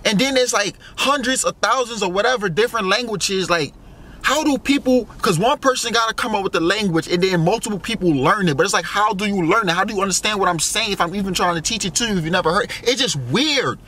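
Young man, high voice, casual rambling musings, profane, filler-heavy. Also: fast talker, bright, forceful tone. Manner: musing, full of fillers and profanity, wondering aloud. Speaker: vlogger.

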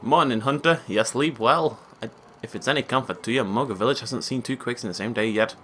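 A man voicing a gruff, blustery old male village chief from a video game, speaking in a folksy, boastful way. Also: medium pitch, fairly quick, bright, forceful tone, soft background music, lightly acted. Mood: folksy, blustering.

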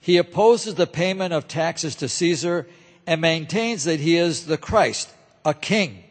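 A man's voice: fairly high pitch, expressive, a little slow. A man reading the lines of a hostile male council of accusers, demanding and raised, in a church hall with a long echo.

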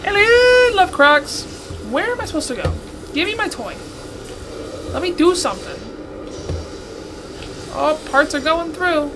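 High-voiced woman streaming a horror game. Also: animated, unhurried, pauses often, music in the background. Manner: chatty, reads chat aloud, shrieks and swears when scared. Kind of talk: live-streamed gameplay commentary. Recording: noticeable background noise.

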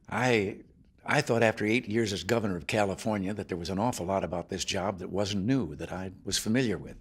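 A man's voice: low voice, husky. A man in his seventies, a president, giving an after-lunch speech to guests in a formal dining room, telling a folksy story with chuckles. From United States. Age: 70s.

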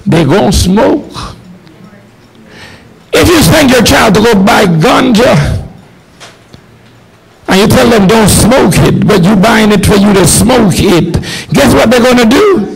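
Jamaican pastor, high raspy voice, preaches in repeated lines that climb to shouting. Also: male voice, animated, slow pace, long pauses, rough recording. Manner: preaching with repetition, rising to shouts. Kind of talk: sermon. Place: church hall with congregation.

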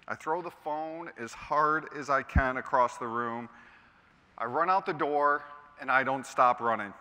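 Radio host telling a story on stage. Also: male voice, mid-range voice, measured pace, smooth. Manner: dramatic storytelling, quiet and heavy at moments. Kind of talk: personal story told on stage. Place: large conference hall. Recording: hall reverb from a stage.

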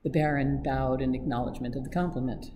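A staff reader narrating a classic mystery novel aloud in a steady, measured way. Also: medium pitch, highs cut off, slight background noise. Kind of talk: audiobook reading.

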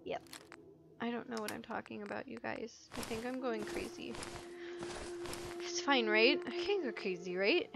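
A woman's voice: fairly high pitch, normal speed, vocal fry. A young woman commenting on her own gameplay in a playful, silly and sweary way, into a desk microphone over game music. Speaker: gaming YouTuber. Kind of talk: let's play commentary.

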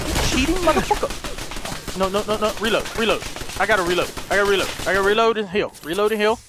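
A young man doing let's play commentary, excitable, yelping and swearing at the enemies he fights. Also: high-pitched, fast, noisy background. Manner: excitable, yelps and shouts at the game; swears, trash-talks enemies. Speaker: gaming YouTuber.

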